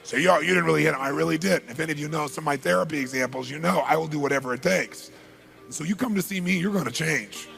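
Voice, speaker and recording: A man giving a motivational talk, telling a story with animated, rising bursts. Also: a little high, quick pace, gravelly, soft background music. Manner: animated, builds to loud bursts. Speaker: motivational speaker.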